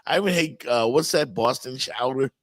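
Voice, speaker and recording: A man's voice: medium pitch, moderate pace, a bit bright, no echo. A man hosting a casual sports talk show, giving firm, emphatic opinions.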